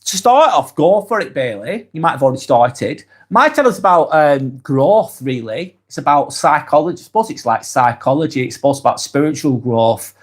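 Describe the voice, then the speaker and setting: Lancashire man hosting a live vlog, chatty and unhurried, lots of ums, sounds tired; read comments and reply warmly. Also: on the high side. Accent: Lancashire English. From England. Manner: reads comments aloud and answers in a relaxed, chatty way with many ums and restarts. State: fatigued. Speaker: live-stream host. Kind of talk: casual live-stream chat reading comments.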